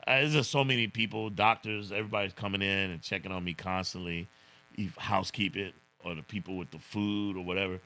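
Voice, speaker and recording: Deep-voiced laid-back man hosting a livestream. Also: fairly even intonation, fairly quick, sharp tone. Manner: laid-back, chuckles often, says "man" a lot. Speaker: livestream host. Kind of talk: casual livestream chat, reading viewer comments.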